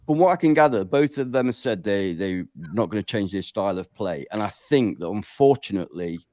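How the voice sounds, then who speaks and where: Blunt panelist, man, lowish voice that moves a lot, dry sound. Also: expressive, a little fast, mellow. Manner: blunt, joking. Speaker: podcast panelist. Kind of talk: football podcast chat.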